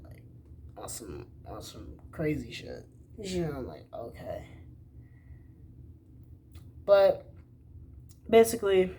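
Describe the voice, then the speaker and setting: A young man with a high, slightly rough voice tells a story casually. Cursing often, he acts out each side of the conversation, quoting lines in a spirited, profane retelling.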